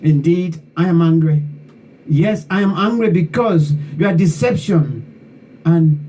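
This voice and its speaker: A fervent man with a somewhat high, mellow voice, hosting an online talk show and lecturing his listeners with repeated phrases. He sounds a little far from the mic, with faint noise behind him. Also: measured pace. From Liberia. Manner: fervent, repetitive, scolding the audience. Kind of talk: impassioned political commentary.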